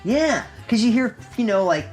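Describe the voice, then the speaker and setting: A man's voice: high-pitched, big pitch swings, normal speed, darkish tone, faint music behind, low-quality recording. A man co-hosting a cigar review show, chatting casually in a laid-back, joking, rambling way. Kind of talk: casual chat.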